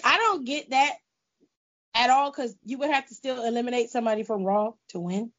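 A woman co-hosting a podcast in casual chat, moving the show along in a lively way. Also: fairly high pitch, brisk, dull audio. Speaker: podcast co-host.

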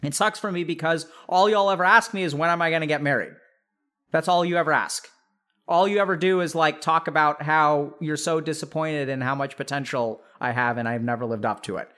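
High-voiced man coaching a live chat. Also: steady tone, a little fast, pushed and bright. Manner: direct, coaching, frequent rhetorical check-ins. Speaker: podcast host giving mental health advice.

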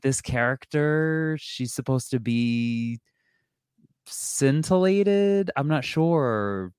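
A man's voice: mid-range voice, animated, very slow, a little mellow, clean tone, no echo, clean studio sound. A man co-hosting a podcast, chatting casually about an episode, laughing often and restarting his sentences. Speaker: podcast co-host. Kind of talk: casual recap chat.

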